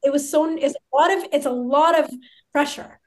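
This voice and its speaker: A woman in her thirties, a podcast guest, telling a story in a chatty, excitable way full of filler words. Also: high voice, normal speed. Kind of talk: casual storytelling.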